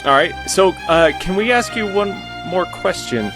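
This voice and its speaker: A man's voice: sits high, expressive, normal speed, music in the background. A man playing a character in a tabletop role-playing game, friendly and curious, asking questions. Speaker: player.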